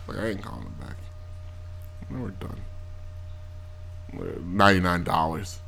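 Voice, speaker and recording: Podcast host, male, bright and forceful, animated storyteller. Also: on the low side, normal speed, creaky, pauses often. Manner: animated storyteller, swears, mimics people in quotes. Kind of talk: casual chat.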